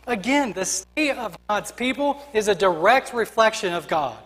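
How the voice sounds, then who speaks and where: A man's voice: high-pitched, animated, moderate pace, few pauses, fairly bright tone, big-room sound. A man preaching a sermon as pastor, emphatic and rhythmic, building his points through repeated refrains.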